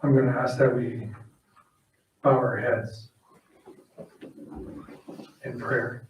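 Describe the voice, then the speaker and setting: A man speaks slowly and levelly in a mid-range voice, pausing often, as he gives a heartfelt eulogy in a funeral home chapel. He tells simple personal stories and leads a prayer, captured from a distance in an echoey room with slight background noise.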